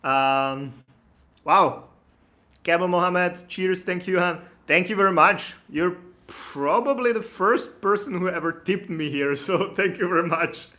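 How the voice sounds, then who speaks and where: A man from the Republic, hosting a casual live-stream Q&A. He is chatty and relaxed, laughs easily, and reads viewer comments aloud. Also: high voice, a little slow. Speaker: immigration consultant hosting a live Q&A.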